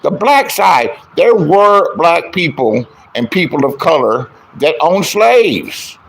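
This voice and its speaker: A crude, boastful middle-aged man tells rambling stories full of swearing. His voice sits a bit high and leaps around constantly, and he slips into mocking impressions of the people he quotes. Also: sing-song, slow, vocal fry, fairly bright tone. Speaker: online commentator, self-styled comedian and troll. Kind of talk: profane storytelling rant.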